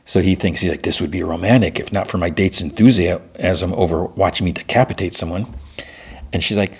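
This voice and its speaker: A man's voice: low voice, brisk, darkish tone, husky. A man hosting a podcast, casually retelling a TV episode and acting out the characters' lines in loose impressions. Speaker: podcast host.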